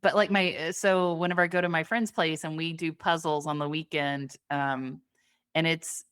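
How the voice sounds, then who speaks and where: A woman's voice: low-pitched, fairly even intonation, moderate pace, fairly bright tone, smooth, no room sound. Chatty young woman with a dry close voice. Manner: chatty, laughs often, lots of fillers. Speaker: podcast co-host. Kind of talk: casual chat.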